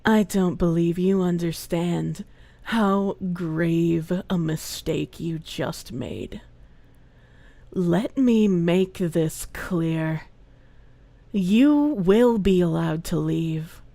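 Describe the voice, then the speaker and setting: A woman streamer voicing a cold, menacing villain who speaks in slow, low, deliberate threats. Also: gravelly, dark tone, no room sound, heavily acted.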